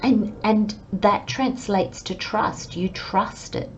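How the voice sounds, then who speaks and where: A woman giving a pick-a-card tarot reading, speaking gently and reflectively and addressing her viewers as friends. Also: mid-range voice, takes it slowly, lo-fi sound, a little hiss or hum. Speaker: tarot reader.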